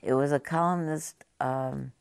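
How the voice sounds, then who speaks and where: A woman meditation teacher giving a conversational, halting talk to a group, often turning to ask the audience questions. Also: very deep voice, steady tone, gravelly, a little mellow, smooth, no room sound. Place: meditation hall.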